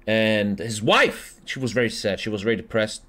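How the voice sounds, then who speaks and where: A man's voice: fairly low pitch, normal speed. A man with a German accent, a streamer telling a crude joke while gaming, swearing freely. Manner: animated storytelling, swearing. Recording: noisy stream mic with clicks.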